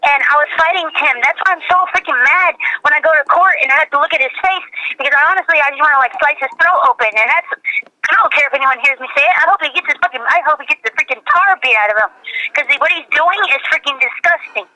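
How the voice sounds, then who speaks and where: Woman, mother, heated phone talk, agitated, profane, repetitive, very bright tone. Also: sits high, fast talker, low-quality recording. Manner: agitated, profane, repeats herself. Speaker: mother telling her story on a call.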